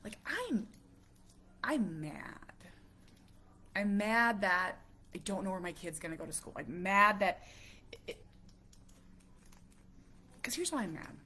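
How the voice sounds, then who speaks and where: Emotional woman around forty, halting. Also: mid-range voice, expressive, bright, forceful tone, slightly rough. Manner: halting, emotional, many restarts; drops to a near whisper at heavy moments. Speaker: parent vlogger. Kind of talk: casual talk to camera.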